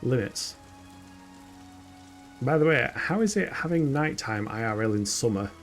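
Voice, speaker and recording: A man from the UK with a northern English accent streams a game, chatting casually, mocking himself, and laughing often. His mid-range voice has lively intonation and a measured pace, with faint music in the background.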